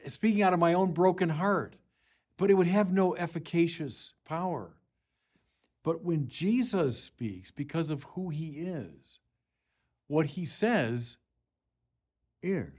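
A man, a bishop, preaching a Sunday sermon in earnest, deliberate phrases with pauses, rising in force when he quotes scripture. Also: on the high side, animated, a little mellow, husky. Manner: slow, deliberate delivery with pauses.

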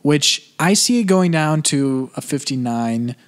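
A man co-hosting a casual movie podcast, chatty and quick to agree, giving his verdicts on films. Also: on the high side, animated. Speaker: podcast co-host.

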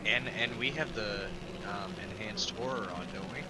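A man's voice: on the low side, moderate pace, very noisy. A man chatting with friends during a game, hesitant and thinking aloud about the voice settings. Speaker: player. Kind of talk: casual multiplayer gaming chat.

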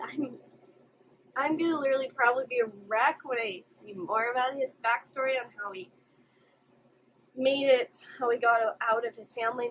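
A woman's voice: sits high, a bit bright, slight background noise, low-quality recording. A young woman hosting an anime reaction video, emotional and exclamatory, swearing now and then. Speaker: reaction channel host.

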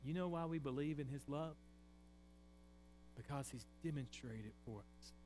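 A man's voice: fairly high pitch, unhurried. Preaching man with a dramatic voice. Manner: dramatic swings from loud raised voice to quiet intensity. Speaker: pastor. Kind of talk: sermon. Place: church sanctuary. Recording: faint mains hum.

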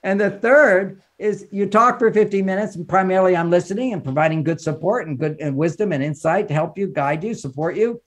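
A man's voice: brisk, hardly any pauses. A man who works as a relationship counselor and author, giving advice as a podcast guest in an emphatic, lecturing way, repeating phrases in lists. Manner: emphatic and lecturing, rising in pitch and volume for emphasis. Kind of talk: animated advice talk in an interview.

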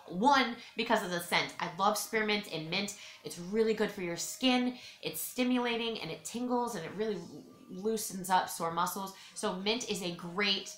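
A bubbly woman vlogger gushing away in a casual, chatty haul video. Her voice is bright and forward, sitting at an ordinary pitch. The sound has a roomy, echoey ring to it. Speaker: beauty vlogger.

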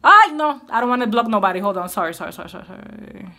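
A woman's voice: medium pitch, animated, quick pace, gravelly, bright, forceful tone. A woman from Puerto Rico with a Puerto Rican accent, chatting casually to her viewers in an emphatic way and slipping into Spanish. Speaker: vlogger answering viewers. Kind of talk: casual chat.

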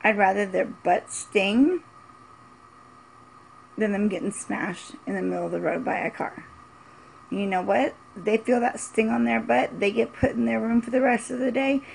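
Blunt, gravelly-voiced mom vlogger. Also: female voice, medium pitch, fairly even intonation, moderate pace, a little hiss or hum. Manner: emphatic, blunt and repetitive. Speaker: mother vlogger. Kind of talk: casual opinion vlog.

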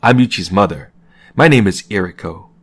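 A man voicing an elegant, warm older woman who is in a hurry, with a slightly husky voice. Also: deep voice, expressive, moderate pace, dry recording, full character voice. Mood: warm, hurried.

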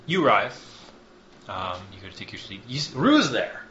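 A man's voice: medium pitch, very animated, normal speed, pushed and bright, a little hiss or hum. A man hosting a podcast and narrating a tabletop game as game master, casual and joking with lots of ums. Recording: dull, roomy lo-fi recording.

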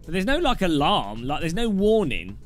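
A man's voice: fairly high pitch, wildly swooping pitch, moderate pace. A man casually chatting and joking while live-streaming a game, swearing now and then. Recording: clear background music. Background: background music.

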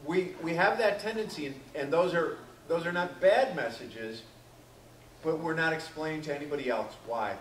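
A man's voice: a little high, normal speed, slight background noise. A man teaching a class, asking students questions by name and acting out quoted lines. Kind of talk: classroom lecture. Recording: echoey classroom from far off.

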